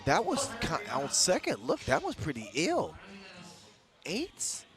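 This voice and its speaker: A man calls a live dunk contest in an arena, his voice sitting a touch high as he hypes the action in loose, slangy commentary. Loud music pumps behind him the whole time. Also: moderate pace. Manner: energetic, hyped, casual slang. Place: basketball arena event.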